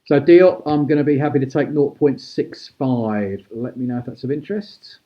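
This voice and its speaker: A man hosting a live-stream auction, chatty and brisk as he calls out prices and thanks bidders. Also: medium pitch, lo-fi sound, very noisy. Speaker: host auctioning cards.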